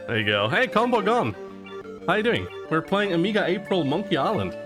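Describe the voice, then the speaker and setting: A man streaming and commenting on a retro adventure game live, chatty and excitable, laughing and cursing now and then. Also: sits high, fairly quick, over music. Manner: excitable, chatty, laughs often, curses when surprised.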